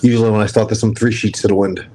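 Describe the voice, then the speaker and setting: A man's voice: fairly low pitch, little pitch movement, rapid-fire, dark tone, a little hiss or hum, rough recording. A man with a strong New York accent, hosting a casual livestream chat, brash and profane as he jokes with his viewers. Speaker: livestream host.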